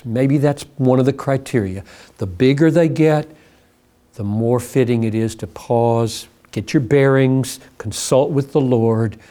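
A man's voice: mid-range voice, dark tone. A man answering a listener's question as a pastor, earnest and emphatic, his voice climbing sharply when he stresses a point. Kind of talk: reflective spoken answer.

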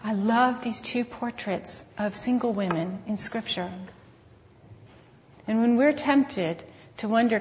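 Woman, Christian speaker, earnest and measured, long hall echo, muffled lo-fi recording. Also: a little high, darkish tone, a little hiss or hum. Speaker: conference speaker. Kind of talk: Christian talk with scripture reading. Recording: long hall reverb, dull lo-fi sound.

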